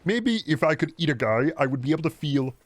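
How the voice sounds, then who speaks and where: A man impersonating a pompous lecturer who rambles nonsense in a rapid lecturing manner. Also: on the high side, expressive, dry recording, natural voice.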